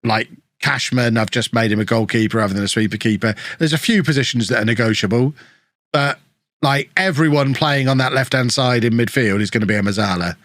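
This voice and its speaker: A man live-streaming a football management game, chatting with viewers and reacting excitedly to the match. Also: mid-range voice, a little fast, no room sound, studio quality. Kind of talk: casual live-stream commentary.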